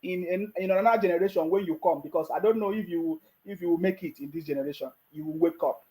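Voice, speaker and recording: A man's voice: high voice, fast talker, warm tone, poor audio. A Nigerian man giving mocking political commentary, laughing often and repeating his taunts.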